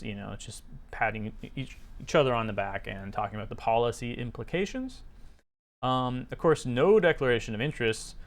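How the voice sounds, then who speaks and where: Sarcastic man critiquing a paper. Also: mid-range voice. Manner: sarcastic, skeptical, many fillers. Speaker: commentator reviewing a research paper. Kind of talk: casual commentary, reading aloud and remarking.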